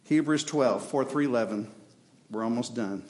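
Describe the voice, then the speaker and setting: This pastor's darkish, mid-range voice echoes through the church at a normal speed. He preaches fervently, dramatizing prayers and the responses God gives.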